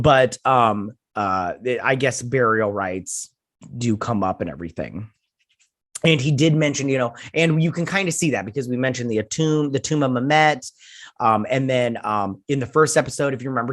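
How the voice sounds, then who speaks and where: A man's voice: medium pitch, a bit bright. A man, recapping and reviewing a TV episode in a loose, rambling, chatty way that often trails off. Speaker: host of a TV episode review channel.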